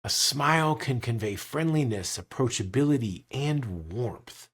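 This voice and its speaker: A male sales trainer explains his material with a lively voice that climbs and drops often. He stresses his points hard and acts out the tones he describes. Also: on the high side. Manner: animated, emphatic, demonstrates tones with his voice. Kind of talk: instructional talk to camera.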